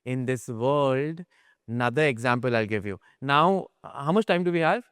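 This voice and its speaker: A man teaching a spiritual class and telling stories, swinging between hushed and excited. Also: medium pitch, moderate pace, smooth, no room sound, clean studio sound. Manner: animated storyteller, acts out quotes, swings between hushed and excited. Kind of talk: informal spiritual class talk.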